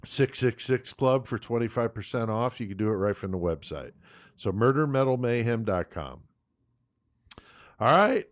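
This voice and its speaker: A man's voice: mid-range voice, moderate pace. A man hosting a podcast, chatting casually and plugging the show's website. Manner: relaxed, plugging the show. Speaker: podcast host. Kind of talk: casual chat.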